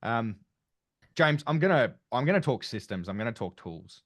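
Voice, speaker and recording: A man's voice: mid-range voice, sing-song, moderate pace, no echo, studio quality. An Australian man hosting an online panel discussion, chatty and rambling with plenty of fillers, on a video call. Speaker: panel host.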